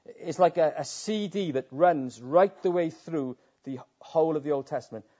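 A man preaches with earnest conviction, his voice sitting a little high for a man and rising into impassioned stretches. The recording is dull and lo-fi. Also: normal speed, dark tone. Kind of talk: sermon. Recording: dull lo-fi sound.

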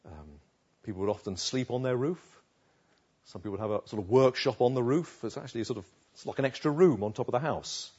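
A man's voice: medium pitch, animated, fast talker, a little mellow, slightly rough, dull audio. A man preaching a sermon on a Bible passage, retelling it vividly and asking the listeners rhetorical questions.

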